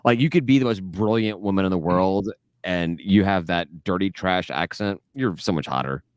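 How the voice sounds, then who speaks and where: A man's voice: low-pitched, normal speed, no echo, studio quality. A man from the American South co-hosting a podcast, joking, blunt and opinionated. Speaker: podcast co-host. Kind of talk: casual banter.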